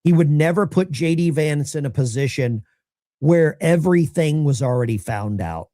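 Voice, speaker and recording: Lively, talkative middle-aged male host. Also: on the high side, normal speed, dry recording, studio quality. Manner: animated, chatty, rambling. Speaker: call-in show host. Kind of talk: casual livestream talk.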